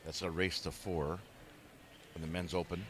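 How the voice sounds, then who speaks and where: A man co-commentating a pool match in a chatty, friendly way, trading quick banter. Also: sits low, flat delivery, background noise. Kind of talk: casual live commentary.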